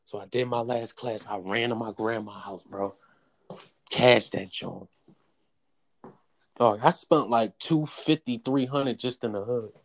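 A young man in casual chat telling a story in an animated, profane way. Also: unhurried, vocal fry, long pauses. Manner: animated, profane storytelling with raised-pitch quotes.

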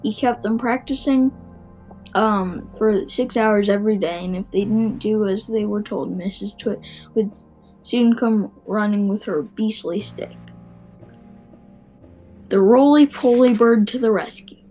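A woman reading a children's book aloud, expressive, with small stumbles and restarts. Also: mid-range voice, measured pace, faint music behind, rough recording. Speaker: narrator.

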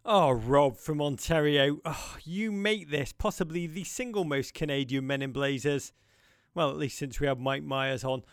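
A man's voice: a little high, moderate pace, smooth, no echo, studio quality. A man hosting a podcast, talking in a theatrical, impassioned and playful way. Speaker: podcast host. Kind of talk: podcast monologue.

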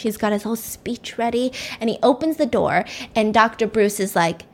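A woman's voice: medium pitch, brisk, vocal fry, few pauses. A young woman host telling a fictional story in a chatty, casual way, with swearing and conversational asides.

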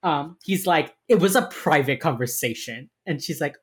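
A woman's voice: deep voice, lively intonation, normal speed, breathy edge. A woman co-hosting a casual chat, animatedly acting out lines from a TV show and swearing freely. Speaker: podcast co-host recapping a TV crime drama.

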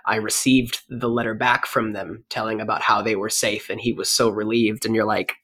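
A man's voice: fairly low pitch, little pitch movement, moderate pace, sharp tone. Chatty man at a game table. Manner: chatty, lots of "like". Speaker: player. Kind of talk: casual chat at a game table.

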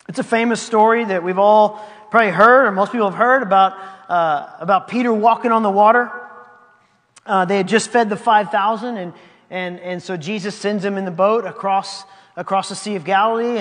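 High-voiced man preaching in a reverberant hall. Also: a bit bright. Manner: conversational, reads scripture then comments, laughing asides. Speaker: pastor. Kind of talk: sermon.

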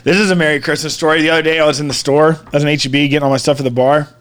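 Guy, 30s, podcast co-host; rambling, laughing storyteller, slightly higher voice. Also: fairly even intonation, racing, fairly bright tone, smooth. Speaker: podcast co-host, bar owner. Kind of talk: casual chat.

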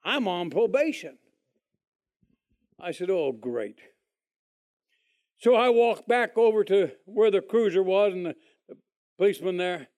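A man telling his testimony in a folksy, animated way, acting out other people's lines. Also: sits high, normal speed. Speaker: speaker giving a testimony. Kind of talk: testimony storytelling.

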